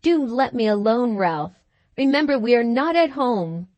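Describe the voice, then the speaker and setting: A woman reading the part of a frightened young wife who murmurs and pleads softly. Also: on the high side, lively intonation, measured pace, no room sound. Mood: pleading.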